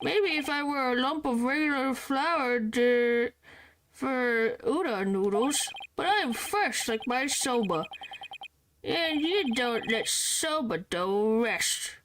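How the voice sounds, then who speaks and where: A woman voicing a drunk male soba cook who slurs his words in a high voice. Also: expressive, slow, a bit bright, a little hiss or hum, full character voice, rough recording. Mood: drunkenly stubborn. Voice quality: slurred, high-pitched. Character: slurring drunk man soba cook, stubborn. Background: game music.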